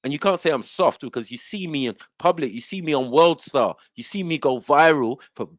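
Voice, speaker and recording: A man's voice: on the high side, a little fast, fairly bright tone, no echo, clean studio sound. A man hosting an online panel, ranting in a boastful, confrontational way and swearing a lot. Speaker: host of an online panel show. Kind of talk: heated casual rant.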